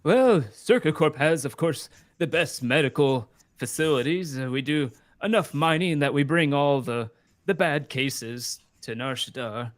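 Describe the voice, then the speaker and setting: A man's voice: on the high side, unhurried, natural voice. A man voicing a polite, slightly nervous corporate clerk in a tabletop game.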